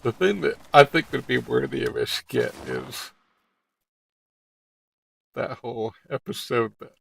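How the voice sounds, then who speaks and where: Gravelly, slow-talking middle-aged man. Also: mid-range voice, fairly bright tone, a little hiss or hum. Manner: rambling, crude joking. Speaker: game streamer. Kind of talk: casual stream chat.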